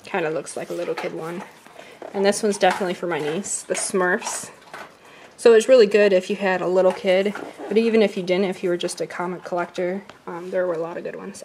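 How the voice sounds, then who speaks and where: A woman's voice: lowish voice, fairly even intonation, darkish tone, slight background noise. A woman vlogging casually at home, chatting while she unboxes and reads out comic titles. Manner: chatty, slow when reading titles.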